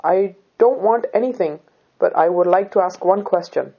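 A woman reading the part of a brave young Sikh woman who speaks calmly, politely and firmly. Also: fairly low pitch, moderate pace, slightly rough, lo-fi sound. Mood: resolute. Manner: calm, polite, firm.

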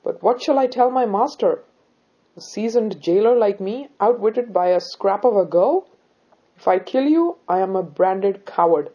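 A woman reading the part of an enraged male jailer who shouts indignantly. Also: mid-range voice, expressive, unhurried, husky, muffled recording. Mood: angry. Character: enraged middle-aged male jailer, proud and flustered.

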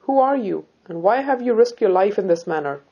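A woman's voice: medium pitch, animated, brisk, slightly rough, dull audio. A woman reading the part of a stern, commanding male ruler. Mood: imperious.

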